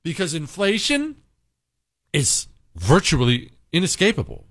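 A man's voice: fairly high pitch, huge pitch swings, a little slow, fairly bright tone, no echo, clean studio sound. A male host giving an urgent, exasperated political commentary monologue, hammering key phrases by repeating them.

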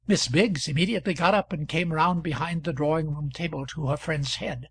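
A male audiobook reader narrating a classic novel in a measured, even delivery. His voice is high for a man and husky. The recording is dry and close, with no room sound. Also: dry recording.

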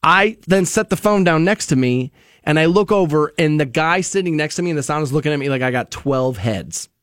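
Male radio host, rambling storyteller, slightly high voice, dry booth sound. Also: animated, brisk, fairly bright tone, no room sound. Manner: rambling storyteller, many fillers and restarts. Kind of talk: casual morning radio chat. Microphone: studio microphone.

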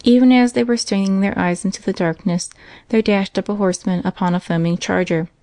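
A woman narrating a classic children's Christmas story in a calm, measured way. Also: medium pitch, no echo. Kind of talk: scripted narration.

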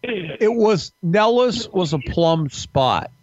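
A man's voice: high-pitched, lively intonation, slow, dry recording. A man hosting, eagerly prompting his guest with questions. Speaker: host. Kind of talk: casual chat. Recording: dull lo-fi, dry.

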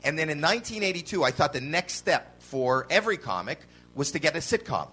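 A man in his late fifties, a comedian, telling animated stories in a casual podcast chat and acting out his own shouts, with swearing along the way. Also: fairly high pitch, brisk, slightly rough. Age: 50s. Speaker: comedian guest.

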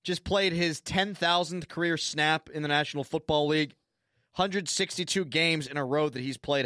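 Sports radio host, man, bright sharp voice, rants with sarcasm, dry studio sound. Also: fairly high pitch, dry recording. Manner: ranting, sarcastic, repeats for emphasis. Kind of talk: opinionated sports talk radio.

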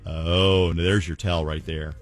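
Male radio host, low voice, animated chatty delivery, faint music bed. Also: a little slow. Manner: animated, incredulous, recaps the caller's story. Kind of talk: casual radio chat.

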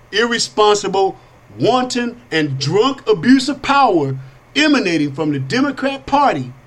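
A middle-aged man hosting a talk show, telling personal stories in an animated, streetwise way with casual slang. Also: sits high. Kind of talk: storytelling monologue.

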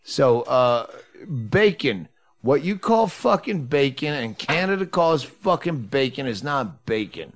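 A man's voice: mid-range voice, sing-song, unhurried. A man hosting a podcast in casual chat at home, blunt and profane. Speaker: podcast host.

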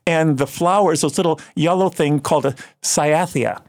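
An older man with a slightly high voice chats in an interview and tells stories with animation. He breaks into brief mimicry of other people, then carries on explaining. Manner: animated storyteller who mimics people in quick asides. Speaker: guest, singer and plant grower. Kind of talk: casual interview chat.

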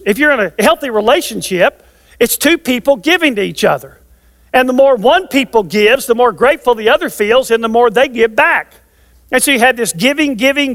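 A pastor in his sixties preaches a sermon in a strikingly high, fairly bright voice, emphatically repeating key phrases for stress. A long reverb carries his words, as though he were in a large hall.

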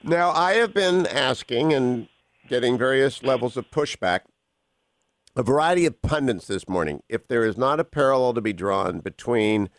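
Emphatic radio host, dry sound. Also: male voice, medium pitch, no room sound. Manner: theatrical, emphatic delivery, slows to stress words. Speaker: radio talk show host. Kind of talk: radio interview.

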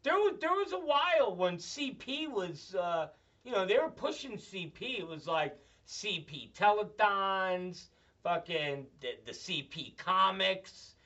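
A man's voice: high voice, expressive, unhurried, pushed and bright. A man hosting a show, telling crude, profane, rambling comedic stories. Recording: dull, slightly distant mic.

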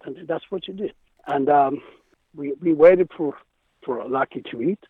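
A man guest musician from Israel telling stories in an interview, animated and acting out the people he quotes. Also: a little high, normal speed, slightly rough, dry recording. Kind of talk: storytelling interview. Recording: tinny phone line.

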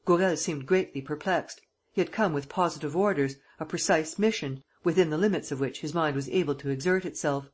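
An audiobook reader narrating a classic novel in a steady, even way. The voice has a husky grain and sits at an ordinary middle pitch. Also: fairly quick.

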